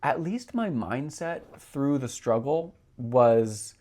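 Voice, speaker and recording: A man's voice: mid-range voice, animated, slow, dark tone. A man in his thirties hosting a solo podcast, talking in a chatty, rambling way with many filler words. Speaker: podcast host.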